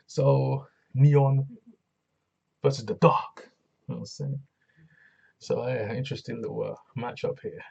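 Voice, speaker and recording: A man's voice: mid-range voice, creaky, a little mellow, slightly rough, muffled recording. A man casually reviewing a wrestling show, laid-back and slangy, with lots of fillers.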